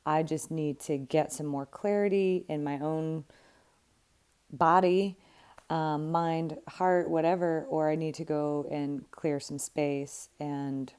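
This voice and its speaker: A woman's voice: low-pitched, steady tone, slow, a little mellow, smooth. A middle-aged woman talking candidly and emphatically as a coach, now and then swearing for emphasis. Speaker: life coach. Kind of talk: casual direct-to-camera talk.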